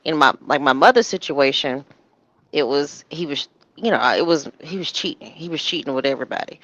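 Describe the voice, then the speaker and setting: A woman's voice: sits low, lively intonation, a little fast, fairly bright tone, no room sound, lo-fi sound. A woman telling a personal story in casual live-stream chat, rambling with many restarts.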